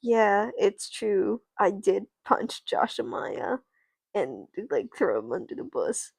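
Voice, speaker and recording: A woman voicing a guilty, remorseful schoolgirl in a dramatic, breathy way. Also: mid-range voice, sing-song, slow pace, a little mellow, dry recording, clean studio sound, exaggerated voice.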